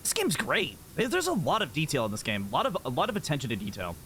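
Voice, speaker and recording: Bright, lively young-sounding man streaming a game. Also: a little high, fast, slight background noise. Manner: rambling, giggly, easily excited, many "like" fillers. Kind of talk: casual live-stream chat while gaming.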